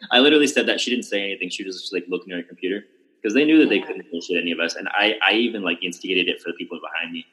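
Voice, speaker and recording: A man's voice: deep voice, quick pace, sharp tone, poor audio. A young man hosting a podcast, telling a long story in casual chat with lots of restarts and fillers. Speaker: podcast host.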